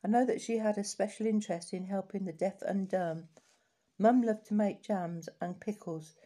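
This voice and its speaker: A woman reading collected life stories aloud in a steady, unhurried way, with small restarts now and then. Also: mid-range voice.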